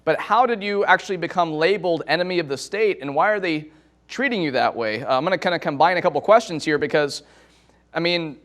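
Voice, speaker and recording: A man hosting an interview, asking long, halting questions with stammered restarts. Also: fairly high pitch. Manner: halting, stammering, loose phrasing. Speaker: interview host.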